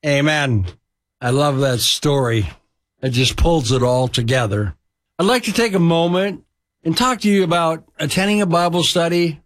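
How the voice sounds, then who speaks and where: Emphatic man preaching a story. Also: on the high side. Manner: emphatic, slows down for key phrases. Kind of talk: sermon storytelling.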